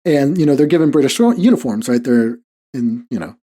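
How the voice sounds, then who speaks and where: A man hosts a podcast in relaxed, rambling conversation, leaning on "like" fillers and breaking into short chuckles. His voice is mellow and warm, sitting at an ordinary middle pitch for a man. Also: fairly quick. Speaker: podcast host. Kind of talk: casual podcast chat.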